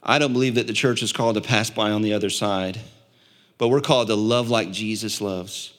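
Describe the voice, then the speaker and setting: A man preaching a sermon as pastor, building to impassioned peaks and dropping to quiet, low stretches. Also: steady tone, a little fast. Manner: impassioned preaching, swelling louder and higher at peaks.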